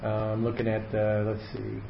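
A man's voice: fairly low pitch, monotone, moderate pace, vocal fry. A man leads a casual Bible study, walking through the text as he explains it and thinking aloud with plenty of fillers and restarts. His voice carries around an echoey room, and the sound is dull and slightly muffled, with a faint hiss underneath.

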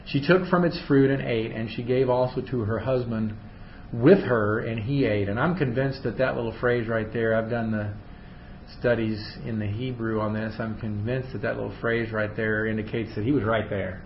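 A man's voice: steady tone, moderate pace. A man leading a Bible study who reads scripture aloud and then explains it in loose, chatty asides. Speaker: Bible teacher. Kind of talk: conversational Bible study teaching. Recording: roomy, dull recording with faint rumble.

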